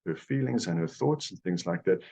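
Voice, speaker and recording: Male guest, low voice, lively teaching delivery, acts out scenes. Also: a little fast, creaky, slightly rough. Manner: animated, acts out dialogue. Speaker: guest speaker. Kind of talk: teaching conversation.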